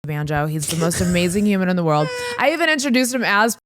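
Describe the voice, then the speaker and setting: A woman hosting a podcast, telling stories in an excitable, casual way with some swearing. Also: on the low side, fast talker, slight background noise. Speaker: podcast host. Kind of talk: casual chat.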